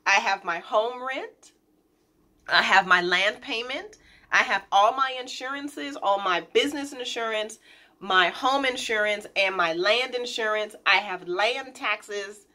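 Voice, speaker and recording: Emphatic, bright-voiced woman business owner. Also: mid-range voice, measured pace. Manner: emphatic, direct, repeats key points; informal and lively, addresses viewers as y'all. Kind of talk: casual motivational vlog talk.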